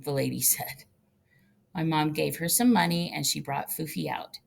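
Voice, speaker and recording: A woman reading a first-person audiobook with lively, animated storytelling. Her voice sits low and carries a gravelly texture. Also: normal speed. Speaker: audiobook narrator.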